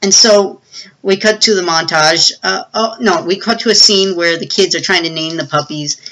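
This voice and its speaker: Bright-voiced, rambling movie reviewer. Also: mid-range voice, moderate pace, slight background noise, poor audio. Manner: rambling, many fillers and restarts. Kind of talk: casual plot recap.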